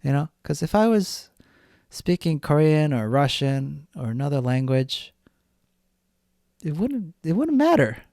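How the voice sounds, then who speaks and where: A man's voice: on the high side, sing-song, unhurried, darkish tone, no echo, studio quality. A man hosting a solo podcast, talking bluntly and rambling, with lots of swearing. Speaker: podcast host. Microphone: studio podcast mic.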